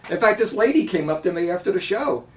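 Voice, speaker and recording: A man's voice: high-pitched, animated, fast talker, recorded from a distance, over a noisy crowd. A man with a froggy voice, a stand-up comedian, telling wisecracking, self-deprecating stories as a talk-show guest. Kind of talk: joking talk-show chat.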